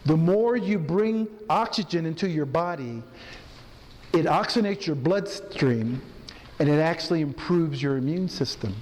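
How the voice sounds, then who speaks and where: A chaplain leading a laughter yoga workshop, coaching the audience through breathing and demonstrating laughter in a hotel event room. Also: male voice, on the high side, expressive, a little slow, a little mellow, a little hiss or hum. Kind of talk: interactive workshop talk. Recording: long hall reverb, faint ambience.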